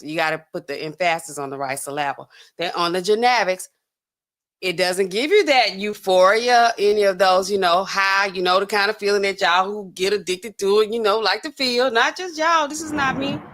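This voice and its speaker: A woman's voice: mid-range voice, fairly bright tone. Woman, pharmacist host, casual commentary, chatty, talks to viewers. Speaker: pharmacist host reacting to news. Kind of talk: casual commentary over a news clip.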